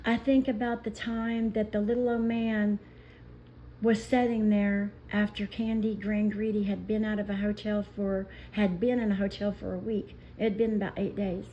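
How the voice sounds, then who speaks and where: A woman vlogger telling stories in an emotional, indignant rant, pausing as she speaks. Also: mid-range voice, little pitch movement, lo-fi sound, slight background noise. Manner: indignant, impassioned storytelling with pauses. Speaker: commentary vlogger.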